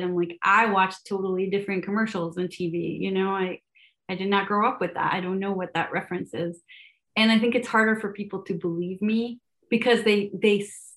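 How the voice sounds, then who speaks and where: A woman's voice: medium pitch, steady tone, moderate pace. Chatty young woman, Spanish speaker. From Venezuela. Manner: chatty, many fillers and restarts, laughs often. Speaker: guest, math educator. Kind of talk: casual podcast interview.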